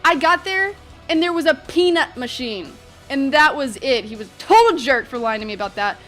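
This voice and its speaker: A young woman vlogger telling a story in an animated, chatty way, full of fillers. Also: high voice, moderate pace, soft background music. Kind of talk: storytime vlog.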